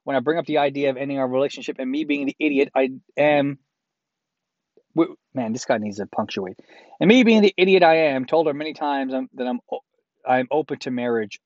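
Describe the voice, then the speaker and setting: A man's voice: medium pitch, a little fast, darkish tone, no room sound, highs cut off. A man reads a listener's letter aloud and breaks in with crude, profane, sarcastic comments. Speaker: host reading a listener's letter.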